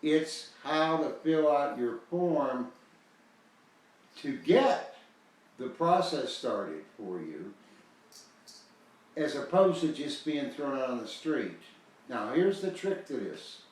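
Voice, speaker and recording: A man's voice: mid-range voice, big pitch swings, slow pace, pauses often, distant mic. An older American man talks in a loose, folksy way, leaning hard on key words as he rambles. His voice bounces around a very echoey room. The mic sits well away from him. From United States. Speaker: host selling a foreclosure guide. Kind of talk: casual promotional talk.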